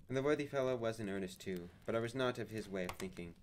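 Brief: man reading aloud, low voice, theatrical and expressive, faint noise behind. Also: quick pace, few pauses. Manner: expressive, theatrical, with occasional slips. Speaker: reader. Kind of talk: dramatic book reading.

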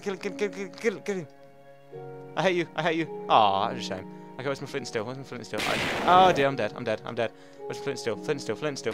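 An excitable man commenting on his own gameplay, his somewhat high voice swinging from chatty muttering to panicky yelps and runs of repeated words. Faint game music plays behind him. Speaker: let's play gamer.

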